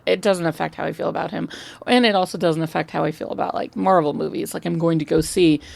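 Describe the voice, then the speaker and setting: A woman co-hosting a film podcast, chatting casually, swearing freely and throwing in animated asides. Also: fairly low pitch, fast, gravelly, dry recording. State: just woke up. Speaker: podcast co-host. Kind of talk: casual chat.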